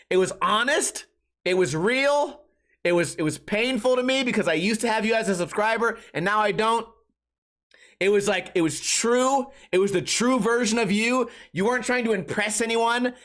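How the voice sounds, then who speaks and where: A man's voice: high voice, expressive, moderate pace, a bit bright. A man in his thirties hosting a solo podcast, delivering a loose comedic rant. He swears freely and jumps into mocking voices of other people. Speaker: podcast host.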